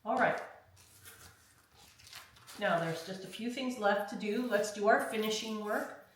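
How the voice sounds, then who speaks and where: Speaking at a measured pace in a medium, slightly bright voice, a woman teaches a hands-on craft session, explaining each step chattily and frequently asking "okay?" The recording comes from a very echoey room with a distant mic and faint background noise.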